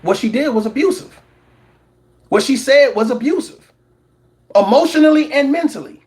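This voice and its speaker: A man's voice: very high voice, animated, normal speed, darkish tone. A man hosting a reaction commentary show, preaching at his audience, repeating words for emphasis and mocking others in put-on voices. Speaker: commentary channel host.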